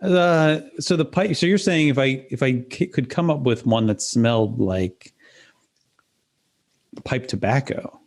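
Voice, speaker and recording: A man's voice: mid-range voice, unhurried, darkish tone. A man co-hosting a podcast in casual chat, with playful, teasing banter. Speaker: podcast co-host.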